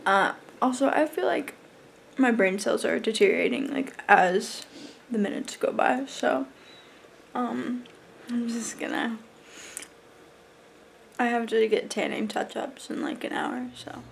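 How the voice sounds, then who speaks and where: Talking casually to the camera, a woman vlogs about her competition day, rambling with lots of fillers. Her voice is fairly high with vocal fry, a little slow, and marked by long pauses. The recording has a noisy background.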